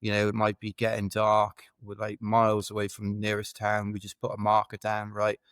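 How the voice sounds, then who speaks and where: A man's voice: lowish voice, monotone, brisk, fairly bright tone, clear, resonant tone, dry recording. A British man telling rambling, self-deprecating stories as a podcast guest in casual chat. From United Kingdom. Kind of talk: casual anecdotal storytelling.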